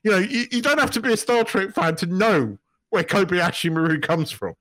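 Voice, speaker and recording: A man's voice: sits high, lively intonation, brisk, fairly bright tone, dry recording. A man co-hosting a casual podcast chat, rambling with restarts and many yeahs. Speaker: podcast co-host.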